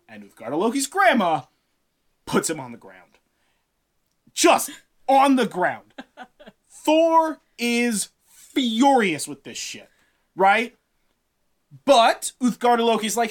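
Slangy animated male storyteller. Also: high-pitched, unhurried, pauses often. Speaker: podcast host. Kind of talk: casual storytelling.

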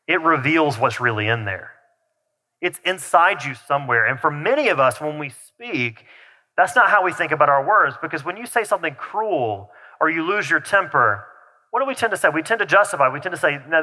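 Male pastor, slightly high voice, chatty sermon style, reverberant sanctuary. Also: sharp tone. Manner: conversational preaching with restarts and asides. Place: church sanctuary. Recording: long reverb of a large hall.

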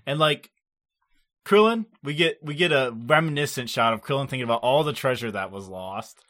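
A man's voice: mid-range voice, expressive, moderate pace, fairly bright tone. A man co-hosting a podcast, recapping an anime episode in loose casual chat, laughing often and swearing. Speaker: podcast co-host.

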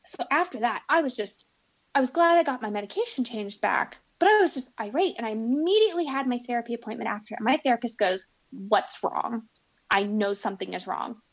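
A woman telling stories in casual podcast chat, animated and acting out the people in them. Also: a little high, a little fast, rough recording.

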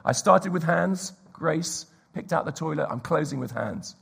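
Husky guy preaching, tells stories, goes all quiet and whispery for the big bits. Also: on the high side, expressive, unhurried. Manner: storytelling, drops to a hushed whisper for emphasis. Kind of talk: sermon.

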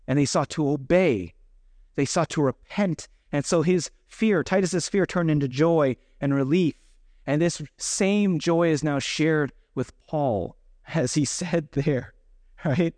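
Man preaching, casual and self-deprecating, a bit higher pitched, dry close sound. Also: a little mellow, no echo. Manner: conversational, self-deprecating, acts out quoted voices. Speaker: pastor. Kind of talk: sermon.

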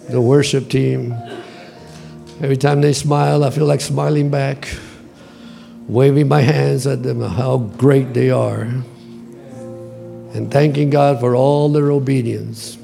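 A man's voice: medium pitch, vocal fry, dark tone. A male senior pastor preaching a passionate sermon in a church service, repeating his lines for emphasis and leading prayer. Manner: impassioned preaching, emphatic repetition. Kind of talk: sermon with altar call and prayer.

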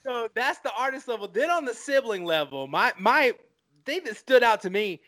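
High, bright-voiced man gushing about a film. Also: moderate pace, slight background noise. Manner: animated, profane, swept up in emotion. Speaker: podcast co-host. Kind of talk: casual film-review chat.

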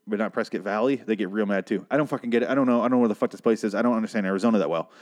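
A man's voice: lowish voice, very fast, hardly any pauses, darkish tone. A man from Michigan hosting a podcast, ranting in a rambling, sarcastic and profane casual monologue. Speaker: podcast host.

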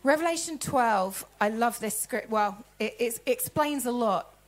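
A woman gives a sermon in a church, her voice sitting high. She tells stories animatedly, acting out both sides of conversations. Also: expressive, unhurried. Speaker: preacher.

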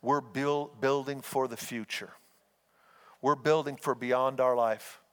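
A man preaching as pastor speaks slowly in a steady, medium-pitched voice that is a bit bright and clean. He tells folksy stories and earnestly urges the congregation on, with a long hall reverb around him.

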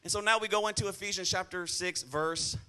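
A man's voice: sits high, fairly even intonation, a little fast, sharp tone. A male pastor preaching a sermon in a church, blunt and scolding, often calling out to the congregation for an "amen.".

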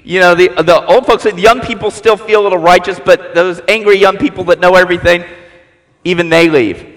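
A male preacher giving a sermon as animated storytelling, acting out the voices of the people in his story. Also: high-pitched, fairly quick. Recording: long reverb in a large hall.

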